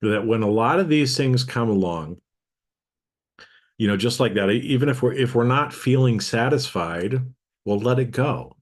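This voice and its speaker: A middle-aged man hosting a podcast, talking casually and reflectively, often checking in with listeners with a quick "okay?". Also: medium pitch, lively intonation. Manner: conversational, frequent "okay?" check-ins with listeners. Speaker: podcast host.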